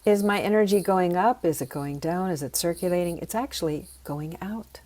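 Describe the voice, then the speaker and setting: A woman teaching sound healing, leading slow, soothing breathing and voice exercises. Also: lowish voice, a little mellow.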